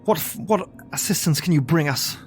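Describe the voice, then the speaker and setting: A man voicing a battered, wary orc warrior who talks gruffly and bluntly. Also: on the high side, normal speed, soft background music, voice pushed up, natural voice. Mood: wary, grumbling.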